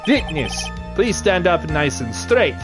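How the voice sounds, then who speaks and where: A man's voice: high voice, very animated, takes it slowly, exaggerated voice. A man voicing a fussy, bumbling courtroom judge in a video game dub, speaking in a formal way. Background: game music.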